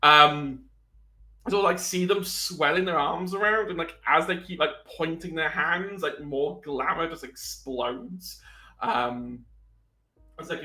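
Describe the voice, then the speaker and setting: Man, game master, tabletop narration, slow pace, bright tone, hesitant. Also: a little high, roomy sound, low-quality recording. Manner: hesitant, many ums, puts on quick voices for characters.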